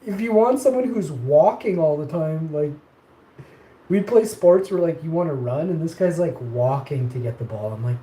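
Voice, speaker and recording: A man's voice: a little high, lively intonation, normal speed, mellow. Rambling man telling stories, echoey room. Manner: rambling, laughs often, quotes people in raised voice. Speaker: live streamer. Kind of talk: casual storytelling. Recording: echoey room with faint ambient noise.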